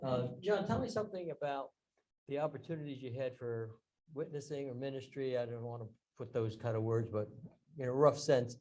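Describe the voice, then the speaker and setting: A man interviewing a guest in a church class, pausing and searching for words as he asks questions. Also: mid-range voice, darkish tone, low-quality recording. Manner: hesitant, searching for words when asking questions.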